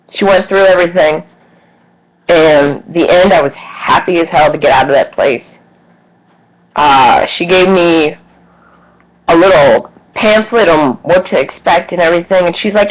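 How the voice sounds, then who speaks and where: A woman's voice: fairly low pitch, normal speed, rough recording. A woman vlogger telling a personal story candidly and casually, swearing and acting out what others said. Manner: candid, swearing, animated retelling with quoted voices.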